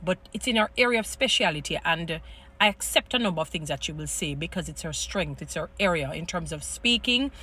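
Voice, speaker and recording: A woman's voice: lowish voice, animated, brisk, sharp tone. A Jamaican woman giving an emphatic, rambling casual monologue to her viewers. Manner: rambling, emphatic, heaps praise, restarts and fillers. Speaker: vlogger.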